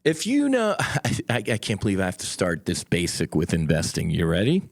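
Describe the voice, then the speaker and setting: A middle-aged man hosts his own podcast from a studio, holding forth in a blunt, combative way and swearing freely. His pitch leaps up and drops low as he mocks and argues. The sound is dry and close. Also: huge pitch swings, normal speed, vocal fry, no room sound. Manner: blunt, combative, profane, folksy asides to listeners. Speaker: podcast host, former Navy fighter pilot. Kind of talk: solo podcast commentary.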